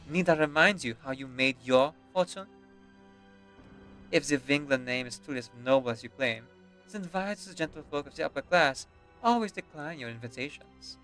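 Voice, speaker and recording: A man reading game dialogue aloud, voicing a defiant, ambitious young noblewoman in his own mid-pitched voice with a cool delivery. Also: lively intonation, moderate pace, a bit bright, soft background music. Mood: mocking.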